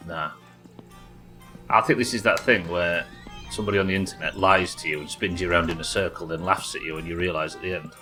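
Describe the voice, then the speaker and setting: A man's voice: sits low, steady tone, a little fast, pushed and bright, rough recording. A man streaming a game live, chatting, joking and reading out viewer comments. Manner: chatty, reads chat aloud, jokey. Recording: game music behind.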